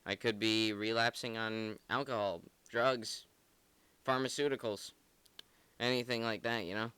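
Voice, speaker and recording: A male podcast host talks through song lyrics in a loose, earnest ramble packed with filler words. His voice sits a little low but comes across bright and forceful, with a smooth, clear tone. The sound is dry and close. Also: fairly even intonation, unhurried, no echo. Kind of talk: casual song analysis chat.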